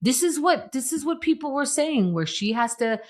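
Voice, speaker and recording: A woman co-hosting a podcast in casual chat, playful and animated, acting out quotes. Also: high voice, moderate pace. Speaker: podcast co-host.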